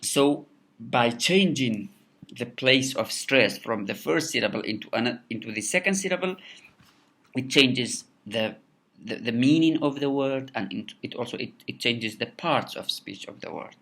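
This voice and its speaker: Slow guy teaching english, keeps repeating words, mid pitch. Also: lively intonation, gravelly, a bit bright. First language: Kurdish. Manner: halting, many repeated words and fillers. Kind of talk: recorded lecture.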